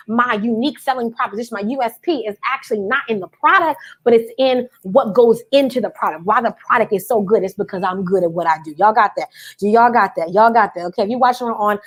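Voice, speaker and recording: Energetic woman coaching a live audience. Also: fairly high pitch. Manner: energetic, call-and-response, repeats for emphasis. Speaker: business coach. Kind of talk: live-streamed business teaching.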